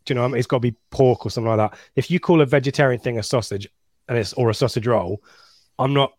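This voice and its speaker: A man's voice: medium pitch, very fast, a little mellow, no room sound. A man hosting a casual football podcast, chatty and rambling, laughing at his own slips. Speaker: podcast host.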